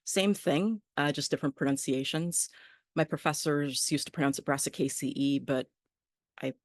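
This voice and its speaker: A woman's voice: low-pitched, moderate pace, dry recording, clean studio sound. A woman teaching an online botany class, friendly, with many ums and small laughs.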